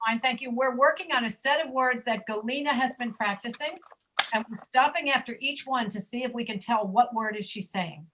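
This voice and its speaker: A woman with a slightly high voice teaches pronunciation online, with a noisy background audible. She works patiently with students on a video call, correcting them and demonstrating sounds slowly.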